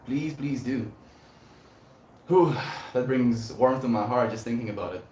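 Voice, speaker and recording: A livestream host chats with his viewers in a laid-back, affectionate way, reading out their messages. His voice is medium-pitched and dark, at a measured pace, recorded in an echoey room with slight background noise.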